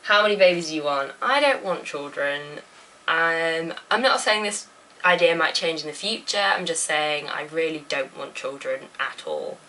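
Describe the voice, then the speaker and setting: Young woman, chatty and giggly, rambling, slightly lower bright voice, recorded a bit off-mic. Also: animated, moderate pace, distant mic, slight background noise, poor audio. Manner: giggly, rambling, lots of fillers. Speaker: vlogger answering viewer questions. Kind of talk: casual Q&A chat. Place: home bedroom.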